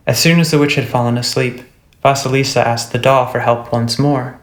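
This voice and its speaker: A man narrating a fairy tale storybook in a steady, measured way. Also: medium pitch, roomy sound, low-quality recording. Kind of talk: storybook reading.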